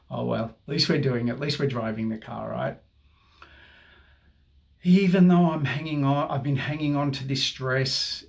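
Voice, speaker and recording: Brief: male guide, slow measured delivery, gravelly edge, repeated calm affirmations. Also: mid-range voice. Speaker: tapping guide. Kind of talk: guided tapping session.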